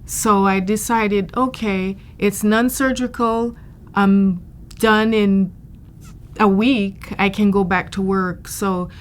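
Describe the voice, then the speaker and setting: A woman's voice: mid-range voice, steady tone, takes it slowly. A woman giving a candid patient testimonial, speaking frankly and matter-of-factly about personal matters.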